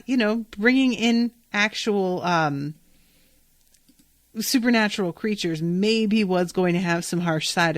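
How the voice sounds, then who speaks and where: Slow, chatty woman podcaster. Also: mid-range voice, fairly bright tone, no room sound. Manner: chatty, swears freely, acts out quotes. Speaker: podcast host. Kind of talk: casual episode recap.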